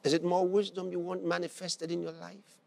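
A man's voice: high-pitched, flat delivery, a little fast, creaky, a little mellow. A man preaching a sermon, telling a story and acting out its characters' lines, repeating phrases for emphasis.

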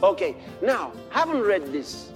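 A man preaching a sermon. He moves from quiet storytelling to shouted exhortation and quotes scripture in old-fashioned wording. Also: sits high, sing-song, measured pace, over music.

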